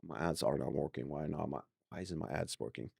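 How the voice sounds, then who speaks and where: Low male voice, casual live-stream chat, rambling, self-correcting, dry sound. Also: brisk, gravelly, a little mellow, husky, dry recording.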